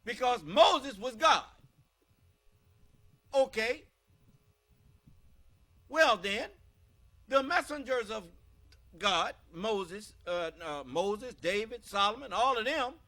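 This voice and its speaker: A man's voice: high voice, expressive, takes it slowly, long pauses, bright, forceful tone. An American man preaching a scripture-teaching sermon, emphatic and quizzing his listeners with questions.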